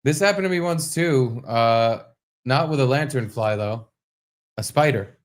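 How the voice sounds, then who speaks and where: A man's voice: mid-range voice, measured pace. A man co-hosting a podcast, telling stories in casual comedic chat with lots of swearing and animation. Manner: profane, animated storytelling. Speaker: podcast co-host.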